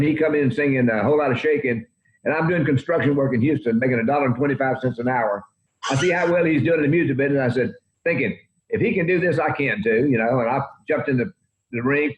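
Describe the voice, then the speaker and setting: A man in his eighties telling folksy, rambling anecdotes as a country music guest in an interview. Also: mid-range voice. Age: 80s. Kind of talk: interview storytelling. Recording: roomy, dull lo-fi sound.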